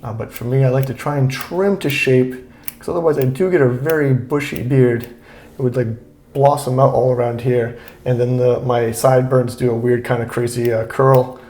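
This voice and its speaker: A man talking through a beard trim in a relaxed, chatty way, with lots of fillers and repeated words. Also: mid-range voice, moderate pace, echoey room. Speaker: beard grooming vlogger. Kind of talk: relaxed how-to talk while trimming.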